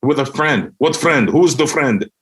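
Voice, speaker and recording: Guy putting on a gruff airport security man, raised and pushy, short suspicious questions, cuts you off. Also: medium pitch, lively intonation, measured pace, pitched above the performer's own voice, natural voice. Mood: interrogating. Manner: clipped, blunt questioning. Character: curt male airport security officer, suspicious.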